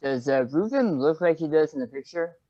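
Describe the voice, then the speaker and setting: A man's voice: a little high, lively intonation, a little fast, no echo, dull audio. A man playing an online tabletop game, describing his character's actions. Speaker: player. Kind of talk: casual tabletop game chat.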